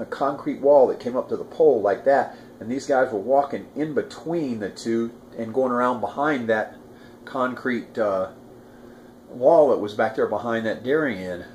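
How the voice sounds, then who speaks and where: A man's voice: mid-range voice, darkish tone, slight background noise. A man in his sixties casually recalling a past event, rambling with restarts and asides. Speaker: storyteller recalling a past crime. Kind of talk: casual first-person recollection.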